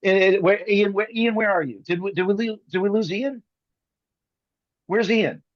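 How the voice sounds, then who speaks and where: High-voiced man riffing comically on a video call. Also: dry recording, dull audio. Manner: rapid comic riffing with bits of mimicry. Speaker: guest magician.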